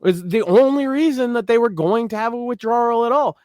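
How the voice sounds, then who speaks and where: A man co-hosting a casual political chat show, talking bluntly with lots of swearing and emphatic, rough-edged opinions. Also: very high voice, a little fast, a little mellow, no echo, clean studio sound. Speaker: podcast co-host.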